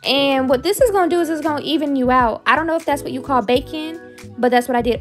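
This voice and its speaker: Goofy high-voiced young woman vlogger. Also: fast, faint music behind. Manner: goofy, self-mocking, chatty. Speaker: beauty vlogger. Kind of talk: casual voice-over tutorial.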